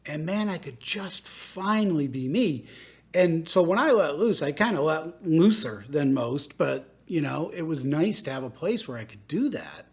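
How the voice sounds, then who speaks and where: A man hosts a podcast with a casual, joking ease. His voice sits somewhat high, and he talks in a goofy, expressive way. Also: normal speed. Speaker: podcast host. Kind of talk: casual chat.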